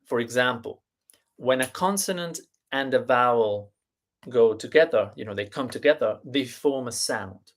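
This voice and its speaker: A man teaching a live online language lesson, explaining deliberately with fillers and restarts and spelling out letters and sounds one by one. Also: mid-range voice. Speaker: Italian teacher.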